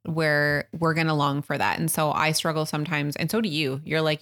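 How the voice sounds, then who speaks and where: A woman in her thirties co-hosting a casual podcast with her partner, chatty, quick to laugh and swear. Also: sits low, level tone, a bit bright. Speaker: podcast co-host. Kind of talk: casual couple chat.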